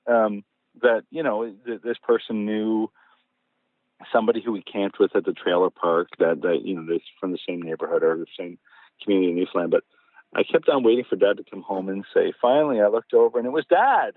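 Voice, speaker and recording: A man's voice: fairly low pitch, fairly quick, dry recording. A man from Ontario is a guest author telling family anecdotes in a loose, conversational way. He bursts into acted-out lines of dialogue. His voice comes through a narrow, phone-like line with no room sound. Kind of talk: casual conversational storytelling. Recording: tinny phone line, dry.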